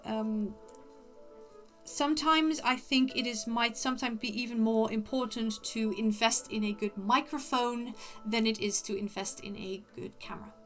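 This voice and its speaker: A woman livestreamer putting on the voice of a prim, posh upper-class lady, with formal, deliberate diction. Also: fairly high pitch, steady tone, fairly bright tone, faint music behind, natural voice.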